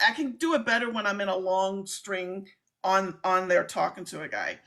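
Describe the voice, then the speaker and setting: A middle-aged woman hosting a casual live-stream chat, talking in an excitable, chatty way. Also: mid-range voice, normal speed. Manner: chatty, excitable, laughs often. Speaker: host, scam baiter.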